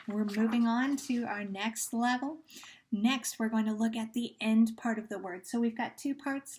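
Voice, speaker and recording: A woman teacher leading a phonemic awareness drill, speaking slowly and deliberately and giving patient, encouraging praise. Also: mid-range voice, a little mellow. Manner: slow, deliberate, stretches words when repeating them.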